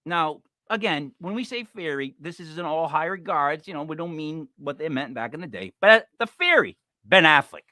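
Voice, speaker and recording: A man's voice: fairly high pitch, lively intonation, normal speed, hardly any pauses, sharp tone, dry recording, studio quality. A man co-hosting a podcast in playful comedic chat, joking through a list with punchy delivery. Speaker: podcast co-host.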